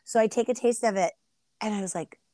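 A woman's voice: mid-range voice, brisk, dry recording. Chatty middle-aged woman, dry sound. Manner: chatty, rambling, animated storyteller. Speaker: podcast co-host. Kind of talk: casual chat.

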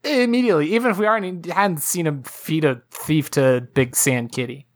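A young woman with a notably low voice chats on a podcast, sarcastic and playful. She jokes and rants with animated energy about what she has watched. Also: a little fast. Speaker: podcast co-host. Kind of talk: casual chat recapping a film.

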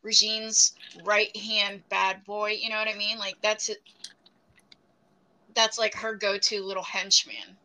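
Bright-voiced woman making teasing asides. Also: medium pitch, level tone, low-quality recording. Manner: teasing, quick joking asides. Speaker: podcast co-host. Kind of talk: casual movie review chat.

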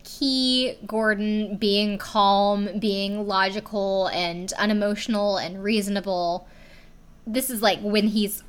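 A young woman tells a story in a loose, chatty way, her voice bright and forward. She leans on "like" between phrases and swears casually as she goes. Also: mid-range voice. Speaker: video recapper.

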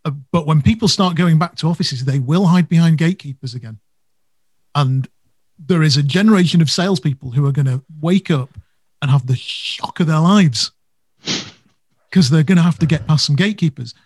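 Soft, husky man chatting about sales. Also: fairly high pitch, moderate pace, no echo. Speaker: podcast co-host. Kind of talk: casual business chat.

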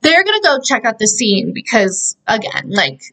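A woman's voice: on the high side, big pitch swings, moderate pace, pushed and bright. A woman casually recapping a film as a podcast host, rambling, swearing freely and using "like" constantly. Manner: rambling and profane, heavy use of "like". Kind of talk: casual chat.

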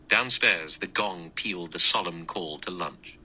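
A man narrating an audiobook in a steady, measured way. His voice is very low yet bright and sharp in tone. The delivery is even and deliberate. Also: a little hiss or hum, low-quality recording. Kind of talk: scripted narration.

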